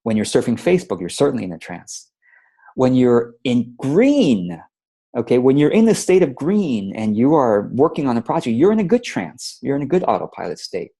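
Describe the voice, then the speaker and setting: Guy coaching on a webinar, playful and animated, kinda dark husky voice. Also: mid-range voice, moderate pace. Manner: animated and playful, acting out his own inner voice. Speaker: webinar host, productivity coach. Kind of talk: casual webinar talk.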